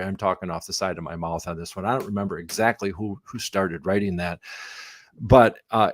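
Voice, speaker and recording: A middle-aged man, a missionary pastor whose first language is English, answering questions in a live conversation, rambling with many restarts and growing animated when he tells stories. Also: on the low side, no room sound, clean studio sound. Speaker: missionary pastor and Bible translation theologian.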